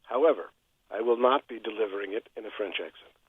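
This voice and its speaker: A man, the show's regular poet, reciting a rhymed comic poem in a steady sing-song delivery. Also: on the low side, quick pace, slightly rough, no echo. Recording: tinny phone line.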